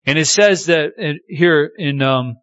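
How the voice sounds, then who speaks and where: A man's voice: a little high, unhurried, fairly bright tone, dry recording, muffled recording. A man preaching a sermon, reading scripture aloud and building emphasis as he speaks. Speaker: pastor.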